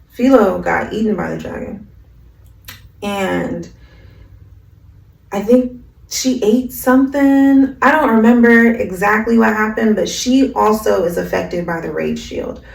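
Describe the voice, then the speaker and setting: A woman's voice: medium pitch, animated, slow pace, creaky, long pauses. A woman casually recapping an anime episode in a slangy, rambling way, full of "like" fillers. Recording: roomy, from a distance.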